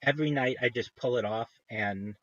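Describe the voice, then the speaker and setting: A man chatting on his livestream, wandering from thought to thought and breaking off mid-sentence with eager enthusiasm. His voice sits at an ordinary middle pitch, close and dry with no room sound. The stream audio is a little dull and lo-fi. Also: normal speed, fairly bright tone, no room sound. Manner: meandering, self-interrupting, enthusiastic. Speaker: livestream host. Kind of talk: casual rambling livestream chat.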